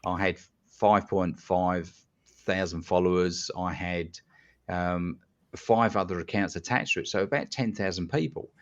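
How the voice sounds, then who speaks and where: Blunt man, low voice, lo-fi. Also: unhurried. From London, England. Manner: blunt, animated storyteller who swears casually. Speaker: guest hypnotist. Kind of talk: casual podcast storytelling. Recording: dull lo-fi sound.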